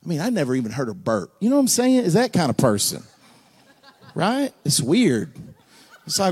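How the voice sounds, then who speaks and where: Animated preacher, folksy and loud. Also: male voice, a little high, normal speed, long pauses, slightly rough. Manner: folksy, joking, animated preaching with sudden shouts and hushed asides. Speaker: pastor. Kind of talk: sermon.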